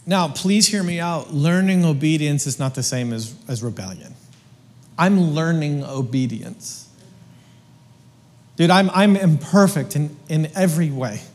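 A man's voice: fairly high pitch, a little slow, darkish tone, big-room sound. A man preaching a sermon in a casual, joking, slangy way, stumbling over restarts as he goes. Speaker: pastor.

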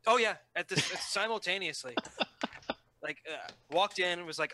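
A man's voice: on the high side, moderate pace, slight background noise, low-quality recording. A man playing a tabletop game, chatting casually and at length about his character. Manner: relaxed, talkative, explaining his character. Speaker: player.

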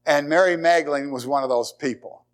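A pastor preaching a conversational sermon in church, with dramatic pauses and repeated phrases. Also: male voice, on the high side. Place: church sanctuary.

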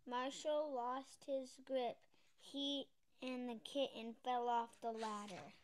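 A woman reading a children's picture book aloud as a storybook reader, gentle and expressive. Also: fairly high pitch, slow pace.

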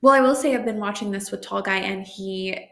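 An expressive, exclamatory woman co-hosting a podcast, with a gravelly vocal fry running through her voice. Her words bounce around an echoey public room. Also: medium pitch, brisk. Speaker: podcast co-host. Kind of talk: casual chat. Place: public venue.

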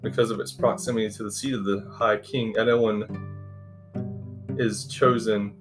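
A man's voice: lowish voice, steady tone, moderate pace, music in the background, natural voice. Grave old elder mage, read by a man.

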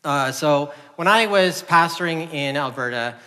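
A man's voice: on the high side, lively intonation, measured pace, bright, forceful tone. A middle-aged man preaching a sermon in a church, conversational and earnest, often restarting his sentences. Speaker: pastor. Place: church sanctuary. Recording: long hall reverb.

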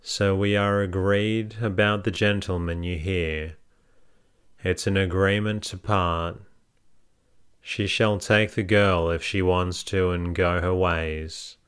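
A man's voice: low-pitched, steady tone, slow, a bit bright, smooth. A man reading a novel aloud, voicing a blunt, scornful, drunken hay-trusser. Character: gruff drunken male hay-trusser selling his wife.

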